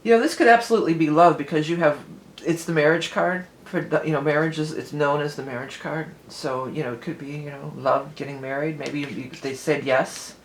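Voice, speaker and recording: A woman's voice: deep voice, steady tone, a little fast. A woman giving a casual tarot reading, chatty and rambling, with frequent small laughs and digressions. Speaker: tarot reader. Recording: echoey room, faint background noise.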